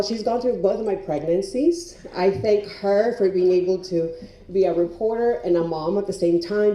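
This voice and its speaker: A woman in her fifties accepts an award with a dark, mellow voice, emotional and laughing often between her thanks. She is heard from some distance in a roomy ballroom. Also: fairly low pitch. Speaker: award honoree, TV reporter. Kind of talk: acceptance speech. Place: large hotel ballroom at a luncheon. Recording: roomy hall sound from a distance.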